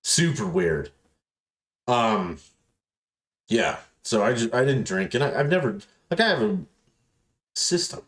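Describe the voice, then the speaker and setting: Low-voiced man telling rambling stories. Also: measured pace, long pauses. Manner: rambling, profane, animated storytelling with voiced quotes. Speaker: podcast host. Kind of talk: casual storytelling chat.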